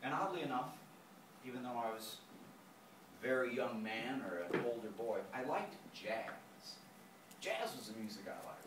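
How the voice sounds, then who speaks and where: A man tells a story live in a lecture room, with an animated delivery full of sound imitations. His pitch is lively and expressive. The voice comes from a distance through a roomy, echoing space with clear noise in the background. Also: moderate pace.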